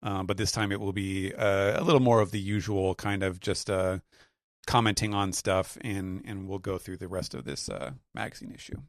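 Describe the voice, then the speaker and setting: A man's voice: sits low, flat delivery, moderate pace, no room sound. A man on a podcast as a guest translator, talking in a dry, self-deprecating way with lots of "uh"s. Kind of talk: casual chat.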